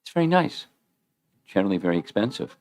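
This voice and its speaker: A man with a lowish, darkish voice speaks fast, his pitch swinging widely, in a recording with no room sound. He's a spiritual teacher leading a casual scripture class in a temple, chatting with his listeners, quizzing them, and often repeating or restarting his sentences.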